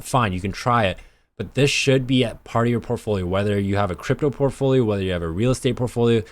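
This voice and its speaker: A man's voice: on the low side, no room sound. A young man hosting an investing channel, talking through numbers on screen in a chatty, plainspoken way and correcting himself as he goes. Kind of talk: casual screen-share explainer.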